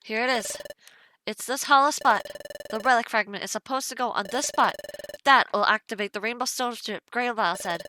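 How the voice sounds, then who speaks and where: A woman's voice: a little high, normal speed, pushed and bright, slight background noise. A woman streamer playing a game live and reading its dialogue aloud with feeling. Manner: emotional, reads game lines with feeling. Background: game music.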